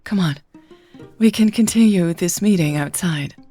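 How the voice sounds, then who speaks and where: A woman's voice: on the low side, unhurried, dark tone, soft background music. A woman voicing a shy, nervous young woman in love, talking hesitantly and a little breathlessly, in a story read aloud.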